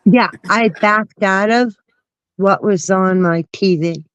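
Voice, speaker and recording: A woman with a head cold chats slowly and easily, breaking into laughter often. Her voice comes through a dull, muffled phone line with no room sound. Her pitch is middling for a woman. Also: dry recording. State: stuffy from a cold. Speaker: guest caller. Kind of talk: casual chat. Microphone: phone call.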